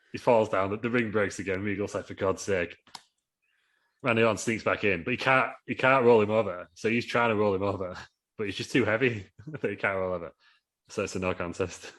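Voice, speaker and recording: A man's voice: on the low side, brisk, fairly bright tone. A man co-hosting a podcast, telling a rambling comic story with laughs and fillers. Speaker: podcast co-host. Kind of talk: casual comedic storytelling.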